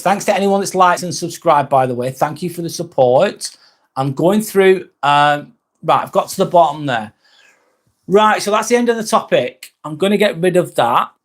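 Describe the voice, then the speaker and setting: A man's voice: on the high side, animated, normal speed. A man with an English accent hosts a motivational livestream, speaking in a casual, reflective way that repeats phrases and swears now and then. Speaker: livestream host.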